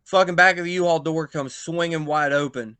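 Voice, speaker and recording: A man spins a backstage story in casual chat, animated and full of swearing, with loud bursts when he acts out what others said. His voice is bright and forceful. The recording is close and dry, with no room sound. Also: on the high side, fairly quick, smooth, no room sound. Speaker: pro wrestler, podcast guest.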